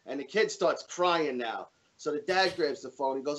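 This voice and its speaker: A man's voice: on the high side, normal speed, hardly any pauses, highs cut off. A man chatting as a guest on a live comedy podcast, telling stories full of swearing and acting out the people he quotes. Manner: storytelling with profanity, acts out quoted voices. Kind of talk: casual podcast chat.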